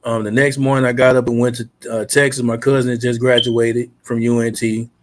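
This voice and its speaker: A man, a podcast guest, earnestly recounting a painful personal memory in a steady voice. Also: medium pitch, brisk, noisy background. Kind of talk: personal storytelling.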